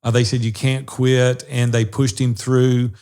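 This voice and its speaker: A man's voice: mid-range voice, level tone, a little slow, clear, resonant tone. A man, co-hosting a podcast and telling stories in a folksy, casual way. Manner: warm folksy storyteller, says y'all and fixing to. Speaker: co-host of a business brotherhood podcast. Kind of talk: casual storytelling chat.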